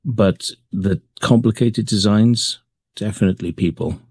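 A man being interviewed, talking in a relaxed way with many pauses and fillers. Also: on the low side, breathy edge, dry recording. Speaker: guest, crop circle maker. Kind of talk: remote interview.

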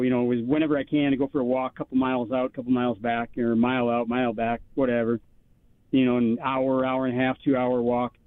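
A man's voice: medium pitch, no room sound. A man on a radio call-in show, telling a long story in a rambling way, full of fillers and restarts. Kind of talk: casual storytelling. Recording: tinny phone line, dry.

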